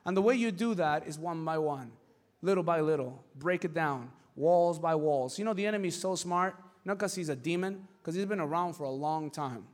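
A man preaching a sermon, telling a story with acted voices and building to emphatic shouts. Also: a little high, moderate pace. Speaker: pastor.

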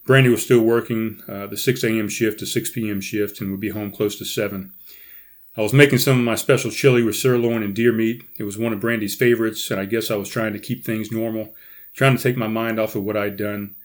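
Brief: male podcast host reading his memoir, dramatic, animated, with dropped-voice asides. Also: fairly quick. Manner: animated, pitch jumps up in quoted dialogue, quiet asides.

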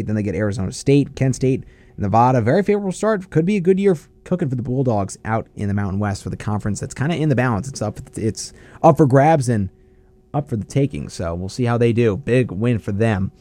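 Lively-voiced man talking college football. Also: mid-range voice, no room sound. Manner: lively, animated analysis with quick asides. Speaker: college football show host. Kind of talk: casual sports talk.

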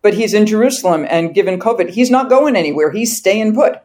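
A woman's voice: medium pitch, lively intonation, brisk, a little mellow. An older woman from Massachusetts, a guest scholar on a podcast interview, speaking in a precise, dry and witty way. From southeastern Massachusetts.

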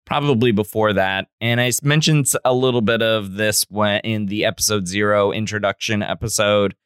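A man in his thirties hosts a relaxed podcast chat, often pausing and restarting his sentences. His voice is low and smooth, with a clean tone. The sound is close and dry. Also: no echo. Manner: hesitant, many restarts and fillers. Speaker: podcast host, teacher.

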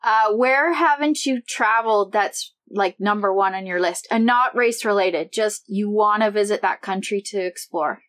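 A woman co-hosting a podcast, asking quick questions in a cheerful, laughing way. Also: mid-range voice, a bit bright. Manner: upbeat, laughs often. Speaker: podcast co-host. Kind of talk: casual interview chat.

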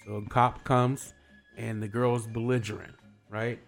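Man telling a lively anecdote. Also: medium pitch, a little slow, vocal fry, soft background music. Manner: animated storyteller, laughs often, acts out quotes. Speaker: guest. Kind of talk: casual storytelling chat.

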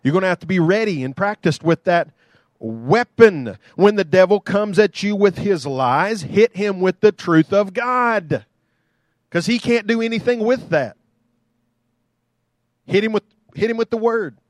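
A male pastor delivering a sermon in a relaxed, talkative way, mixing in light jokes. His voice sits fairly high for a man. The sound is close and dry, with little room echo. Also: a little slow. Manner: conversational, playful asides.

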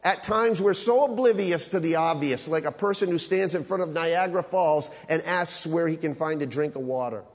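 Male pastor, emphatic sermon delivery, voice sits a bit high, long reverb from a big sanctuary. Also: moderate pace, hardly any pauses. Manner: emphatic preaching, swinging from loud high peaks to low quiet asides. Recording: long reverb of a large hall.

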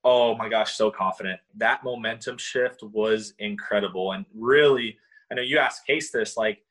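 A young man, a former college baseball player, telling stories in an interview in an animated, excitable way, full of "like" and "you know". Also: on the low side, normal speed, rough recording. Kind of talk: casual interview storytelling.

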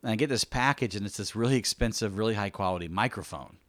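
A man co-hosting a casual faith discussion, telling stories with lively asides and acting out quoted speech. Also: on the low side, quick pace, dry recording, studio quality. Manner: animated storytelling, acts out quoted speech.

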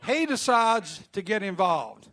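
A man telling an animated, funny story to a church congregation. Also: sits high, measured pace.

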